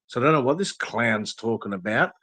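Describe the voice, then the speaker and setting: A man's voice: medium pitch, animated, brisk, sharp tone, no echo. A man, ranting angrily and profanely as a guest in a casual chat, full of threats. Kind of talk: angry rant in casual chat.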